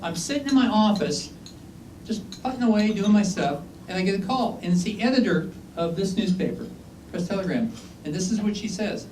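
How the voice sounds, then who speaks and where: Man, geology lecturer, joking and conversational, higher-pitched voice, distant mic in an echoey room with faint hiss. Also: animated, brisk, a little mellow. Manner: chatty, joking, asks the audience questions. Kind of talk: informal lecture with anecdotes.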